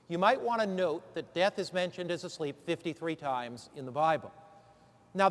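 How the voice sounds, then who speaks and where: A man's voice: high-pitched, long reverb tail. A man teaching lay preachers in an emphatic sermon style, drawing answers from his listeners. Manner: emphatic, calls for answers from the room.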